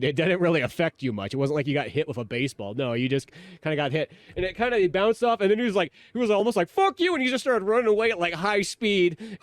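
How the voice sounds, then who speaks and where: Man, podcast co-host, crude rambling chat, higher pitch, dry recording. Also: no echo. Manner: crude, rambling, laughs often.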